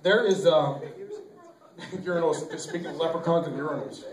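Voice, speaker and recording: Animated man doing stand-up. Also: sits high. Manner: loud, animated, acts out voices with shouts. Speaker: stand-up comedian. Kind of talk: stand-up routine. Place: small venue with live audience. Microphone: camcorder from far off. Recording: echoey amateur video from a distance.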